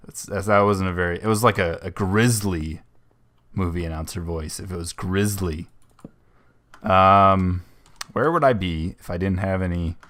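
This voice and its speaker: Young man, very low voice, casual gaming commentary, rambling, self-correcting, keyboard typing behind. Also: moderate pace, a bit bright. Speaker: host.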